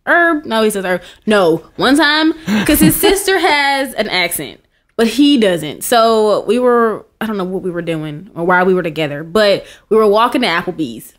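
Giggly young woman with lively pitch. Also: normal speed. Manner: giggly, rambling, lots of "like". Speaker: podcast guest. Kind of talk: casual chat.

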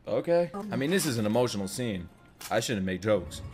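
A man hosting an anime reaction, excitable, laughing often and swearing freely in casual commentary. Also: on the low side, fairly quick, soft background music.

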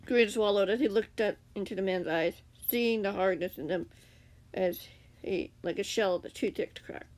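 A woman's voice: medium pitch, moderate pace, a little mellow. A woman narrating her own fan story in a casual reading, with self-corrections and chatty asides. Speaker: fanfiction narrator.

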